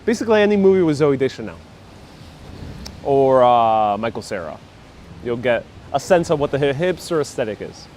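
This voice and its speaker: A man's voice: medium pitch, animated, moderate pace, a little mellow. A man hosting a casual live stream as he walks city streets, chatting upbeat and laughing often, on a clip-on mic with faint traffic behind. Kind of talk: casual live-stream chat reading viewer comments. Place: outdoors on busy city streets. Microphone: wireless clip-on mic with phone on gimbal.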